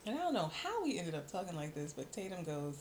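A woman's voice: fairly low pitch, big pitch swings, fast talker, a little mellow, slight background noise. A woman in her thirties or forties, co-hosting a podcast in easygoing casual chat, laughing often and reading segment intros. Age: 30s or 40s. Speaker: podcast co-host.

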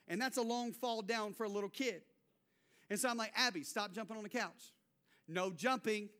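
A young man preaching a sermon, telling a family story with animated, acted-out quotes. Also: high voice. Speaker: pastor.

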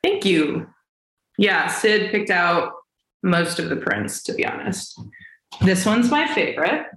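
A woman's voice: fairly low pitch, big pitch swings, takes it slowly, fairly bright tone. Dry, teasing young woman with room echo. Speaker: podcast co-host. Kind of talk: casual chat. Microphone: video call. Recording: roomy echo on video call.

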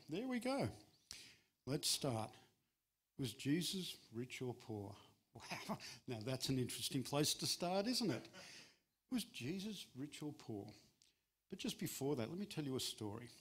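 A middle-aged man delivering a sermon as a guest speaker. He keeps it conversational and joking, and his pitch leaps high whenever he stresses a point. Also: breathy edge. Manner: conversational and humorous, with lively jumps in pitch for emphasis.

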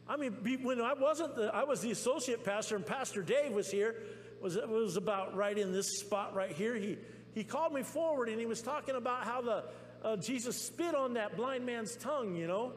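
A man preaching a testimony sermon in a church, telling his story excitedly with many restarts. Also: very high-pitched, moderate pace, hardly any pauses. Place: church sanctuary. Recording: long reverb in a church with faint hum.

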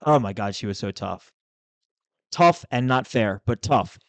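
A man, a former state senator, hosting a casual chat and telling a lively political story, acting out the voices of others. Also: measured pace, dry recording. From Maryland, US. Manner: animated, acts out quotes with big pitch jumps.

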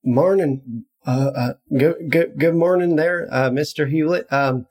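A man's voice: on the high side, a little slow, darkish tone. A man voicing a timid young male sorcerer who stammers and hesitates constantly. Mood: nervous.

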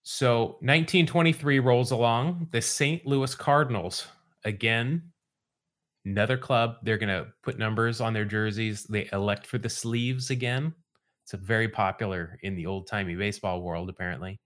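A man with a fairly low voice hosts a casual podcast chat. He lays out history in a relaxed, storytelling way. He drops dry, wry asides along the way. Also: moderate pace. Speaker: podcast host.

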